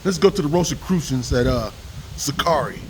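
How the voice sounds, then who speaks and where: A man preaching in a casual, profane, rambling rant, reading scripture aloud between slangy asides. His voice sits high and swings widely in pitch. Faint ambient noise hums behind him. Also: animated, brisk, darkish tone, low-quality recording.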